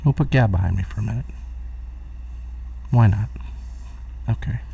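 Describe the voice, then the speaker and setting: A man's voice: on the low side, normal speed, gravelly, mellow, slightly rough, far from the mic. A middle-aged man hosting a rambling solo live stream from home, distracted and chuckling at his own jokes. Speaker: host of a live talk stream.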